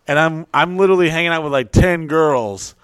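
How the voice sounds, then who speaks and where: A man's voice: a little high, brisk, clean tone, no echo. A man hosting a casual podcast chat, swearing freely and acting out other people's voices as he tells stories. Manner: profane, animated storytelling with mimicked voices. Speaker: podcast host.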